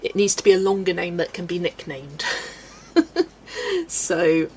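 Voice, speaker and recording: A woman's voice: on the low side, unhurried, a little mellow, slight background noise, low-quality recording. A young woman chatting casually on a colouring livestream, answering chat and laughing often. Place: home room.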